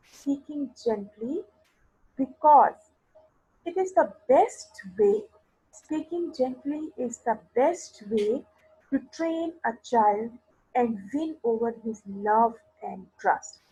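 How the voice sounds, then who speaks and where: A woman teaching an English literature class online, explaining a poem slowly and mixing Urdu phrases into her English. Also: fairly high pitch, animated, dark tone, breathy edge, muffled recording. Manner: explains slowly, mixes Urdu into English, asks students for replies.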